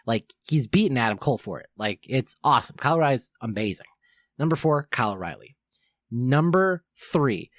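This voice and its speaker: An eager young man hosts a wrestling podcast countdown, gushing like a fan and tripping over his words as he goes back to fix them. His voice sits at an ordinary middle pitch. The recording is dry and close, with no room around him. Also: expressive, a little fast, no echo. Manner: enthusiastic fan, rambling with fillers and self-corrections. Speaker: podcast host.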